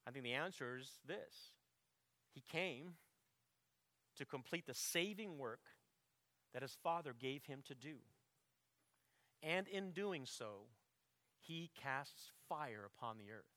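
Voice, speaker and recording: A man preaching a sermon, with emphatic bursts on quoted verses, quieter reflective asides and frequent throat clearing. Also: expressive, slow, pauses often, no echo. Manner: emphatic preaching, swelling loud on quotes, dropping low to reflect. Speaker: pastor.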